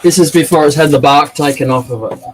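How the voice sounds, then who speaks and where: A man's voice: on the high side, quick pace, a little hiss or hum, low-quality recording. A man, hosting a woodworking livestream in a laid-back, casual way. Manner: laid-back and laughing easily. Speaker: woodworking streamer. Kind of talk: casual live chat.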